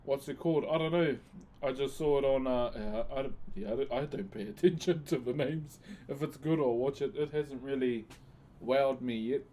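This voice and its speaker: A man's voice: mid-range voice, moderate pace, dark tone. A man chatting casually on a live stream, thanking viewers by name and using Maori words. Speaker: live streamer and wood carver.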